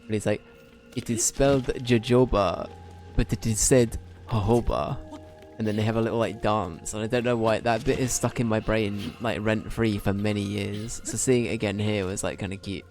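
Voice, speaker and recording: A man's voice: fairly low pitch, flat delivery, a little fast, hardly any pauses, a little mellow, faint music behind. A man streaming a video game, chatting casually in a rambling way and swearing now and then. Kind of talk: casual livestream commentary.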